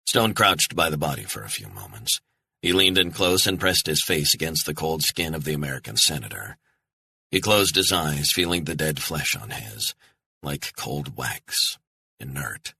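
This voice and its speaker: A man narrating a thriller audiobook in a tense, measured way. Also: rumbling low, animated, creaky, pushed and bright, slightly rough, no echo.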